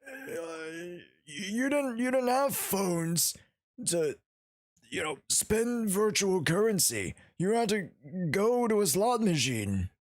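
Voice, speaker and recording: Man putting on a frail old man over 80, raised thin quavering voice, slow drawn-out grumbling. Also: sits high, very animated, no echo, clean studio sound, voice pushed up, heavily acted. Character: frail ninety-year-old man, grumbling about the past.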